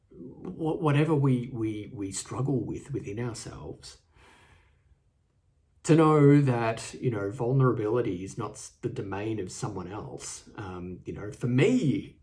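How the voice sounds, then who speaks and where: A man with an Australian accent hosting a solo podcast, earnest and halting, often repeating his words. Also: mid-range voice, mellow. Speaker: podcast host. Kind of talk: reflective solo podcast talk. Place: indoors, seated. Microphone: studio microphone and camera.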